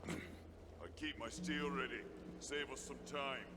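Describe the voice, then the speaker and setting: A man's voice: medium pitch, steady tone, slow, long reverb tail, very noisy, natural voice. A man voicing a dry, sarcastic adventurer in video game dialogue. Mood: grumbling.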